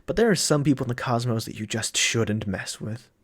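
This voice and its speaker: A man's voice: mid-range voice, animated, fairly quick, husky, pitched below the performer's own voice. Man voicing a cold, mocking comic-book villain, plain reading voice, no heavy character work. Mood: condescending.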